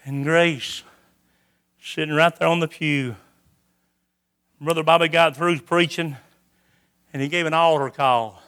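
A man giving a sermon as a testimony, his voice sitting high and sounding bright and forceful. He tells his story in a folksy, homespun way, circling back to the same phrases for emphasis. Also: steady tone, a little slow, pauses often, clean tone.

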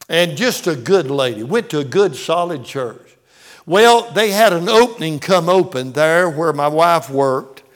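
An older man, a pastor, telling stories in a sermon in a folksy way, often stumbling over and repeating words. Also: a little high.

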